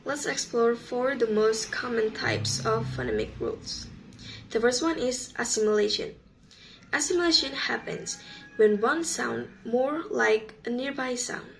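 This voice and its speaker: A woman student reading a class presentation on sound rules, slow and careful. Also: on the high side, lively intonation, creaky, a little hiss or hum, poor audio.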